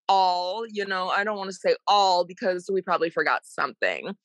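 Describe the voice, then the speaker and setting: A woman's voice: mid-range voice, a bit bright, dry recording. A woman co-hosting a podcast, talking in an upbeat, enthusiastic way. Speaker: podcast co-host. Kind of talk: casual chat.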